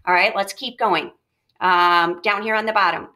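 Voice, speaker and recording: Bright-voiced woman teaching a reading lesson. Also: medium pitch, fairly even intonation, moderate pace. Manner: upbeat, checks in with frequent "okay?". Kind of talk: classroom lesson with read-aloud.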